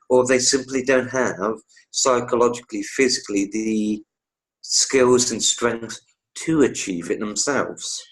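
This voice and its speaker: A man's voice: medium pitch, low-quality recording. Reflective man on a podcast. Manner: reflective, philosophizing. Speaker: podcast co-host. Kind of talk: casual podcast chat.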